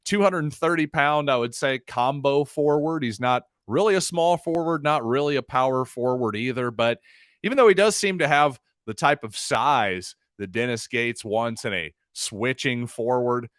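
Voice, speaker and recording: A man's voice: mid-range voice, a bit bright, no echo, clean studio sound. A man hosting a solo sports podcast, talking through the news in a conversational way with wry, sarcastic asides. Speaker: podcast host.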